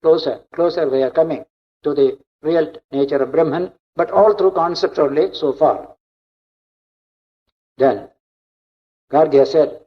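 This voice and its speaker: Monk lecturer, slightly high voice, dull old lo-fi recording. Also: male voice, measured pace, pauses often. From India. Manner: explanatory, repetitive, emphatic. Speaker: monk giving a spiritual discourse. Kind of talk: spiritual lecture.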